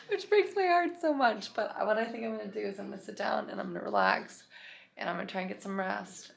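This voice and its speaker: A woman's voice: mid-range voice, creaky, a little hiss or hum. Chatty young woman vlogging. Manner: chatty, rambling, heavy use of "like". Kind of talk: casual vlog chat to camera.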